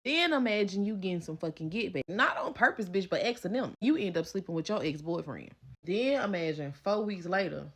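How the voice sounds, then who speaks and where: A woman's voice: mid-range voice, animated, fairly quick. Blunt, profane woman storyteller. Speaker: storytime vlogger. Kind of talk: casual storytelling, second person.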